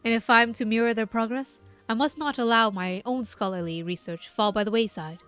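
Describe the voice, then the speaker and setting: Woman doing a formal scholar summoner, polished, stately, bright voice. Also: a little high, fairly even intonation, brisk, clear, resonant tone, soft background music, lightly acted.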